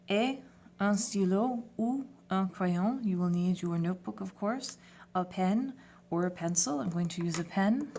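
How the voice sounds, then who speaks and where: A woman teaching a lesson, speaking clearly and patiently and spelling words out letter by letter. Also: medium pitch, darkish tone. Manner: switches between French and English phrases. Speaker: French teacher. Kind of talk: classroom lesson video.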